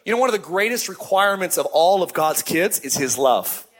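A middle-aged man, a lead pastor, preaching a sermon in a lively, conversational way with repeated phrases. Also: sits high, fairly quick.

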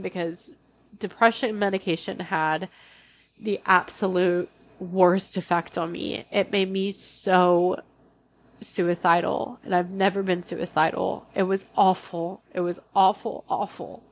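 Gravelly-voiced young woman sharing candidly. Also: mid-range voice. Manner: candid, emotional, halting with restarts. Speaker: podcast host. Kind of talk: personal solo podcast.

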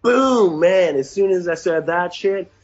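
A man's voice: sits high, steady tone, moderate pace, a little mellow, dull audio. A man telling a wild story in a casual, profane, laid-back way, peppered with "man" and "like". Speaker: guest storyteller.

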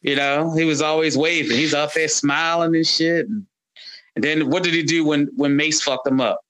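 A man's voice: fairly high pitch, normal speed. A man co-hosting a podcast, chatting casually and joking around. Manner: animated, jokey, puts on silly voices in retellings. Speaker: podcast co-host. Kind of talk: casual chat.

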